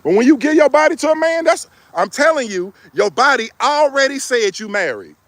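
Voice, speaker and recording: A man's voice: very high voice, animated, fairly quick, fairly bright tone, dry recording. A middle-aged man giving relationship advice in a joking, preachy way. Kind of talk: casual advice monologue.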